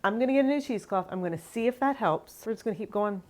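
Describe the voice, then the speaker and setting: A woman's voice: medium pitch, expressive, fast talker. Chatty exasperated woman vlogging. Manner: chatty, exasperated, self-mocking. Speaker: cheesemaking channel host. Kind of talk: casual kitchen vlog talking to camera. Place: home kitchen.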